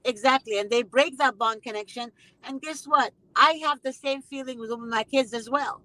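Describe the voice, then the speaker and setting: A woman's voice: sits high, moderate pace, sharp tone, dry recording, rough recording. A woman hosting a casual conversation, talking emphatically and passionately and often repeating herself for weight. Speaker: host; mother.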